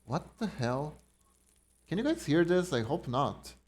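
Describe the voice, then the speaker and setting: A man's voice: on the high side, very animated, measured pace. A man live-streaming a card game, reading card text aloud and chatting casually with his viewers. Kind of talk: casual live-stream chat while gaming.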